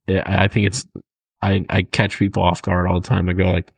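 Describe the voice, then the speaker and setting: A man's voice: low voice, monotone, a little fast, vocal fry, no echo. A man in casual podcast chat, joking around and laughing often. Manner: jokey, laughs often, tries out silly accents.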